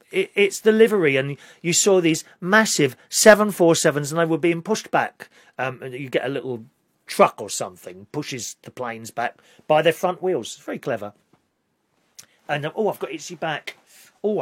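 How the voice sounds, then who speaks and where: A British man chats away to his camera in a loose, rambling monologue, full of opinions and quick to get worked up. His voice sits a little high for a man, and it is recorded dry, with no room sound around it. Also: no room sound. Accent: British English. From Britain. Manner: chatty, rambling, opinionated, rising to indignant outbursts. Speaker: vlogger. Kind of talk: casual talk to camera.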